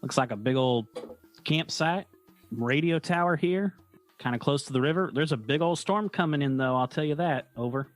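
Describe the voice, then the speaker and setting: A man's voice: on the high side, moderate pace, soft background music, natural voice. A man playing a plain-spoken army private, talking in a folksy, rambling drawl full of fillers.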